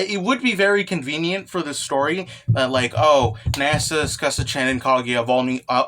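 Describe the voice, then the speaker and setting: A man's voice: on the high side, pushed and bright. A young man giving a casual recap, rambling and full of fillers and tag questions like "right?". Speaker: manga recap host. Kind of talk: casual commentary.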